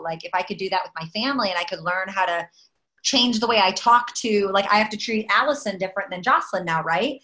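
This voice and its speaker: A woman in her thirties, a network marketing team leader, talking in an animated, emphatic, chatty way with lots of fillers. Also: mid-range voice, rough recording. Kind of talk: casual talk.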